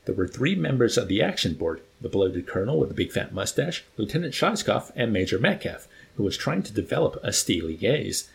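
A man reading a novel aloud in an expressive, casual way with dry humor. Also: fairly low pitch, brisk, creaky, hardly any pauses. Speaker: reader.

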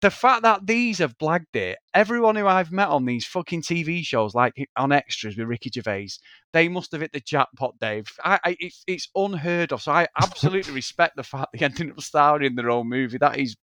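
A man's voice: on the high side, a little fast, no room sound, clean studio sound. A man in his thirties co-hosting a film podcast, telling stories with lots of swearing and acted-out quotes. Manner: animated storyteller, swears freely, acts out quoted people. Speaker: podcast co-host. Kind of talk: casual film podcast chat.

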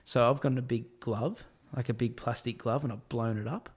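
A man's voice: medium pitch, fairly even intonation, brisk, husky. A man telling a casual anecdote about work, with crude slang, acted-out quotes and frequent laughs. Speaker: storyteller, construction worker.

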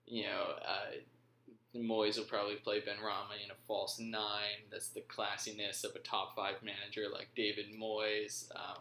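A man's voice: on the low side, vocal fry, sharp tone, slight background noise. A man hosting a casual football recap, rambling with frequent ums. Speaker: podcast host. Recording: roomy echo.

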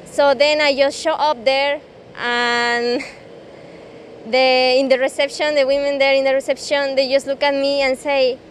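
High-voiced woman. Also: little pitch movement, unhurried, slight background noise. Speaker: interviewee. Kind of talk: personal storytelling.

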